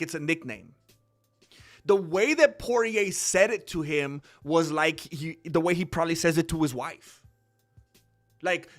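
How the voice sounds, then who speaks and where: A man's voice: a little high, fairly bright tone. A young man hosting a casual commentary channel, talking off the cuff in a rambling way with lots of restarts and fillers.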